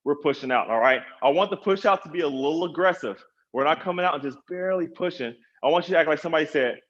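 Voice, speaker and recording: A man's voice: on the high side, fast, highs cut off. Upbeat man coaching a workout. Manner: upbeat, encouraging, counts down reps. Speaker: personal trainer. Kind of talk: live online workout coaching.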